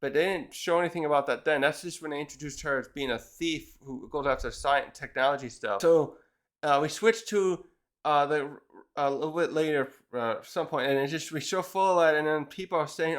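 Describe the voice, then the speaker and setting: A man's voice: on the high side, fairly quick. A man casually reviewing a manga chapter, retelling it in a rambling way with many restarts.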